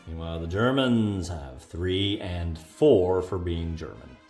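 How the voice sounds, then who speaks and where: A man with a fairly low voice talks through a board wargame turn on his own, tallying modifiers aloud and pausing on "uh"s. His voice rings around an echoey room, with faint music in the background. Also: expressive, darkish tone. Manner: thinking aloud, counting up modifiers with many "uh"s. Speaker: host of a board wargame playthrough. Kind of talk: solo tabletop game commentary.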